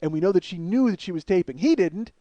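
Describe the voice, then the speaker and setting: A man hosting a comedy podcast, riffing through a profane, animated monologue. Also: high voice, fast, no room sound, highs cut off.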